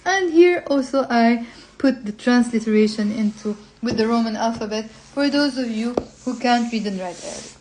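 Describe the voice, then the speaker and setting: Woman teaching, slow model phrases. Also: a little high, expressive, a little mellow, slight background noise. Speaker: language teacher. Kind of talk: explaining a textbook to learners.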